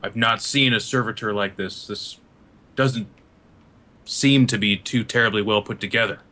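Player doing stiff veteran cyborg soldier, clipped and formal, bright edge, low-ish voice. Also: male voice, moderate pace. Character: battle-hardened male cyborg soldier, terse and stiff.

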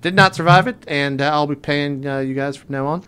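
A man's voice: a little high, fairly quick, sharp tone, clean tone. A man playing a brash new starship owner. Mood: breezy. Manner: breezy, rambling announcer tone.

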